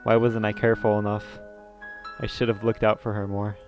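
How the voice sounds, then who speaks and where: A man's voice: lowish voice, level tone, fairly quick, lo-fi sound, soft background music. A man reading a visual novel aloud in the first person, with small slips and side comments. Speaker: let's play narrator.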